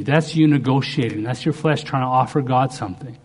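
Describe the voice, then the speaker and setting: A middle-aged male pastor preaching a sermon, jumping to loud, high bursts when he acts out prayers and then dropping back low. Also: a little fast, husky.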